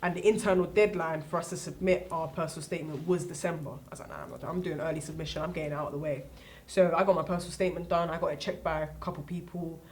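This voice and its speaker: Brief: lowish, quick teen girl, emphatic advice-giver. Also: fairly even intonation, a little mellow, slight background noise. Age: late teens. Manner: emphatic, repeats points, asks rhetorical questions. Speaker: student guest. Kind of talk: casual advice chat.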